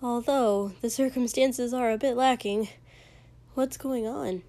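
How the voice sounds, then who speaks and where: A woman voicing a gentle, exasperated young man in a storybook reading. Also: very high-pitched, steady tone, unhurried.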